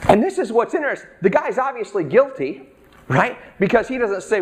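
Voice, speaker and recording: High-voiced casual preaching man. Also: sing-song, fairly quick. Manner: conversational, acts out the characters' lines. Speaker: pastor. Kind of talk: sermon.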